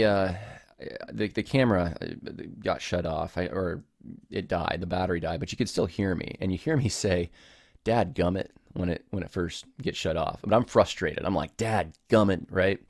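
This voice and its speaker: Alone on his podcast, a host with a low, gravelly voice explains himself casually and apologetically, rambling and starting sentences over. He uses a home recording setup with a camera, and the sound is dry and clean, like a studio.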